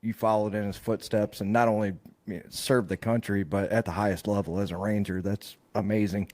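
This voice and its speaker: Enthusiastic lower-voiced male host. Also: level tone, a little fast, darkish tone. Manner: enthusiastic, affirming. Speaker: podcast host. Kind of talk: casual interview.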